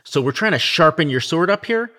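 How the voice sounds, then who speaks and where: Dude on a podcast explaining the play and reading bits out, voice bounces all over. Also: male voice, a little high, lively intonation, brisk, bright, forceful tone. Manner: explains scenes and reads verse aloud in between. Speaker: podcast co-host. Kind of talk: casual literary discussion.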